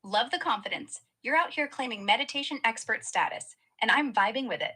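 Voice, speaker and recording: A woman's synthetic assistant voice answers in a playful, slangy, flattering way. Her tone is bright and upfront, with a husky, breathy edge. She keeps the chat light and easygoing throughout. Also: a little high, fairly quick, poor audio. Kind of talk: upbeat conversational replies.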